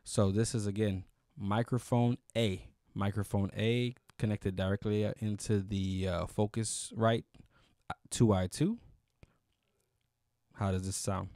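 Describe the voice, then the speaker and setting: A man's voice: fairly low pitch, fairly even intonation, a little slow, mellow, no room sound, clean studio sound. A man casually reviewing microphones on camera, rambling with fillers and restarts. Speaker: YouTube gear reviewer. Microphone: close studio microphone.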